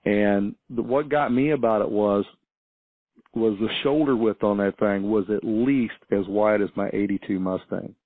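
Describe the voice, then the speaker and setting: Caller, male, lowish voice, rambling and hesitant, tinny dry phone line. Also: fairly even intonation, moderate pace, no room sound. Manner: rambling, hesitant, many restarts and fillers. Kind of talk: casual storytelling on a call-in show. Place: small farm town.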